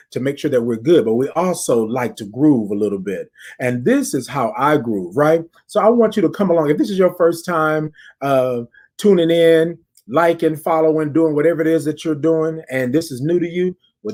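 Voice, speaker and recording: A man's voice: a little high, darkish tone. A man hosting a casual live-stream check-in, leading his listeners through breathing exercises and talking straight to them with lots of repeated phrases. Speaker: podcast host.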